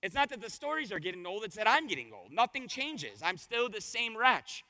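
A man preaching a conversational sermon as pastor, his voice a little hoarse, telling stories and asking the congregation questions. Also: high voice, big pitch swings, fairly quick, sharp tone, long reverb tail. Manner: conversational, storytelling with rhetorical questions. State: slightly hoarse voice.

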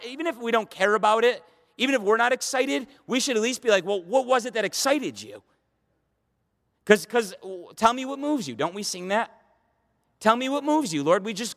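A man preaching from the pulpit, his fairly high voice rising into emphatic, passionate runs before dropping back into easy conversational asides. His delivery is a midweek church sermon, and the sound carries a long hall reverb. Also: a bit bright. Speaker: pastor.

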